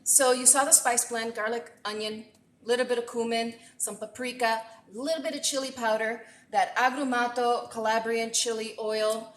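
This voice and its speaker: A woman's voice: a little high, steady tone, moderate pace. A middle-aged woman chef talking through a live-streamed cooking session, chatty and talkative. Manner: talkative, chatty, thanks viewers often. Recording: echoey room.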